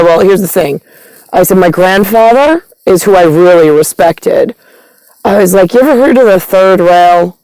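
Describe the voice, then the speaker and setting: A woman's voice: mid-range voice, creaky, dark tone, no room sound, rough recording. A woman telling a long, rambling personal story, retelling conversations line by line, with many fillers and restarts. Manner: retells conversations with quoted dialogue.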